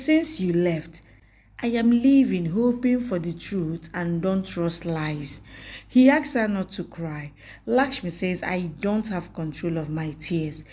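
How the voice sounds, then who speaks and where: A woman's voice: mid-range voice, dark tone. A woman reading a scripted recap of a TV series episode, with a plain reading of the dialogue as reported speech.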